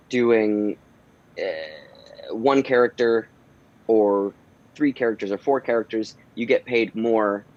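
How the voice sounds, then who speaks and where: A man who works as a voice actor, chatting casually as an interview guest, relaxed and rambling with lots of pauses and restarts. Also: lowish voice, highs cut off. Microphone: home recording booth.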